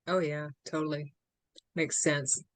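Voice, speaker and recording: Lower-voiced woman host, dry sound. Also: level tone, no echo. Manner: enthusiastic, laughs often, quick affirmations. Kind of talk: casual interview conversation.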